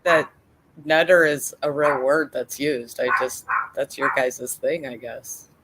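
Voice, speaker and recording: A woman's voice: a bass voice, steady tone, slow, very noisy. A woman from the United States chatting on a live stream, teasing and swearing freely. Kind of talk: casual chat.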